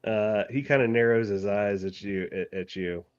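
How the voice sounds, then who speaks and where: A man's voice: lowish voice, fairly even intonation, normal speed, smooth, no room sound, highs cut off. A man narrating as game master of a tabletop game, hesitant with many ums and uhs.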